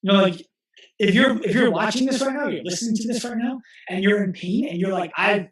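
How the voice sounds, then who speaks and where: Earnest man telling stories, echoey room. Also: high voice. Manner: earnest, storytelling with quick restarts. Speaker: guest, physical therapist and coach. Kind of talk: conversational interview.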